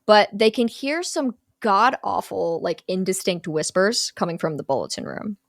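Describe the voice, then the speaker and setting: A woman's voice: mid-range voice, normal speed, gravelly, no room sound, clean studio sound. A woman co-hosting a podcast, casually retelling a horror film's plot with lots of "like" fillers. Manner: animated storyteller, many "like" fillers. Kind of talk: casual chat, narrating a plot.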